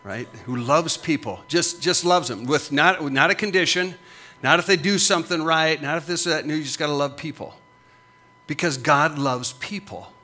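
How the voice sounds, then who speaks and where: A man's voice: fairly high pitch, moderate pace, bright, forceful tone. A middle-aged man preaching as a pastor, with emphatic, punchy repetitions that rise and fall. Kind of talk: sermon.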